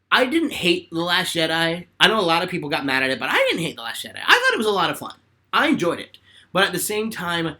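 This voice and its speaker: Lively, bright-voiced young man chatting. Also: high-pitched. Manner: chatty, rambling, laughs often. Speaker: YouTuber answering viewer questions. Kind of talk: casual live-stream chat. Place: home room with bookshelf.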